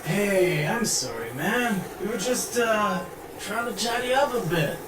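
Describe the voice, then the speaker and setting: A man plays a laid-back, shifty slacker husband in a video game, drawling his words slowly. The voice runs high and sounds echoey, with music in the background. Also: lively intonation, noisy background.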